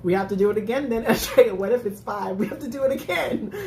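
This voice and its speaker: A woman's voice: medium pitch, fast talker, darkish tone, slight background noise. A woman hosting a casual live-stream recap, chatting with viewers, laughing often and restarting her sentences. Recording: echoey room.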